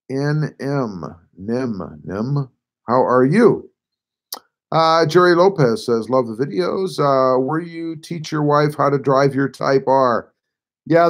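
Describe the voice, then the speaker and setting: A man whose voice is hoarse and nearly gone chats casually on a live stream. He reads out viewer comments one after another and answers each in a relaxed, offhand way, with his pitch sitting in a plain middle range.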